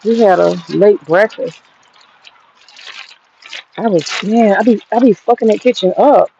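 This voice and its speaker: A woman's voice: medium pitch, unhurried, gravelly, dark tone, dull audio, slight background noise. A woman hosting a casual livestream from her home garden, chatty and profane and laughing often. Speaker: livestream host.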